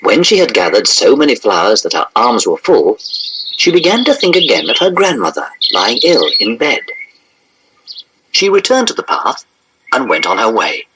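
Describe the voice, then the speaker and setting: A man reading a children's storybook aloud in an expressive, animated narration. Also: mid-range voice, moderate pace, background noise.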